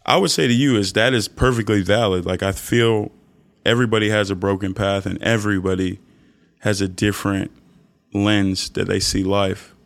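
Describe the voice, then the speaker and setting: A young man hosting a podcast, giving an earnest, preachy, faith-based motivational talk that often jumps into high mock voices for emphasis. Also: fairly even intonation, normal speed, gravelly. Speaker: podcast host.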